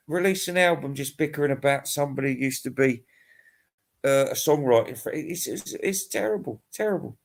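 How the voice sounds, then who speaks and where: A man's voice: fairly high pitch, brisk, vocal fry. A middle-aged man in a casual, rambling monologue. He sounds tired, swears freely, rants and chuckles as he goes. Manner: profane, ranting, chuckling. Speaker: music vlogger.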